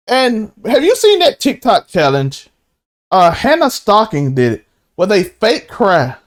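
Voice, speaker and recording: A man co-hosting a casual podcast chat, excitable, laughing often and swinging from high to low. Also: a little slow. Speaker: podcast co-host.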